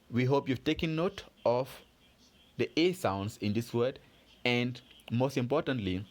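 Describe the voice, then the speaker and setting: A man teaches a French lesson in a plain mid-range voice. He is patient and methodical and keeps quizzing his listeners with little questions. The pace is steady and the tone is level throughout. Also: medium pitch. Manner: patient, methodical, asks learners questions and answers them. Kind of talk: lesson explanation for learners.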